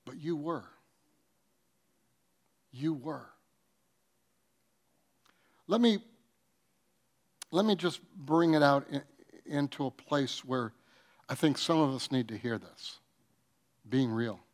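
Preaching at a slightly slow pace with long pauses, a medium-pitched pastor tells comic stories with acted-out quotes. His delivery swings between loud bursts and soft, earnest passages.

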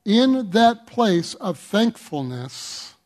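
A man's voice: high voice, very animated, a little mellow. A man preaching a sermon as pastor, earnest and pleading, with emphatic swells and scripture read aloud. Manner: reads scripture aloud slowly.

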